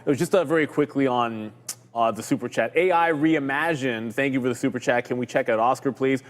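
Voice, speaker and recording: A man's voice: mid-range voice, a little fast. Joking man talking trades, reverberant room. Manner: loose and joking, lots of fillers. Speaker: co-host of a live trading show. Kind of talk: casual market chat.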